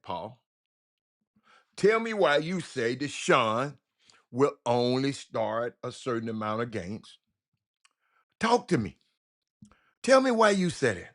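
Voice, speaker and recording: A man's voice: mid-range voice, sing-song, slow pace, long pauses, a bit bright. A man hosting a casual sports call-in show, loose and rambling, repeating words and talking to listeners as y'all.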